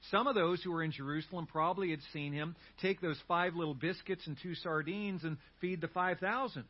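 A man preaching a sermon as pastor, telling a story in an animated way with humorous asides. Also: on the high side, a little fast, highs cut off.

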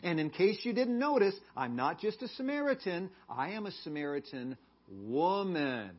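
Man voicing a snarky Samaritan woman, high and loud, sarcastic, husky, dull lo-fi sound. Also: big pitch swings, normal speed, exaggerated voice. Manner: sassy, mocking, exaggerated.

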